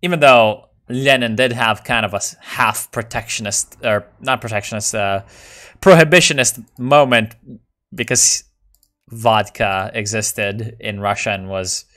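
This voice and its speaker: A man's voice: fairly low pitch, measured pace. Joking, profane man playing a strategy game. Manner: joking, profane, excitable rambling. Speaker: video game player. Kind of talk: casual gameplay commentary.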